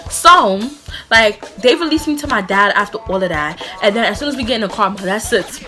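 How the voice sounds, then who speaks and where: A young woman telling a personal story in a casual storytime vlog, animated and rambling, with lots of fillers and laughs. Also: medium pitch, brisk, soft background music, a faint crowd. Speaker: vlogger.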